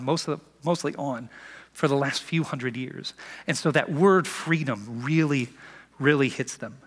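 A middle-aged man preaches a conversational sermon, acting out quotes with a playful, animated edge. His voice sits a bit high for a man. The sound carries a long reverb, as if in a big church hall. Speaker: pastor.

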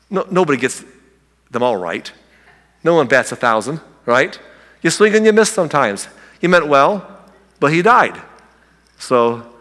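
A pastor teaching verse by verse in a bright, forward voice, loose and joking, often circling back to restart a thought. His words carry with a long echo through a church sanctuary. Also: fairly high pitch. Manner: conversational and humorous, with frequent restarts. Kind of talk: sermon with verse-by-verse Bible teaching.

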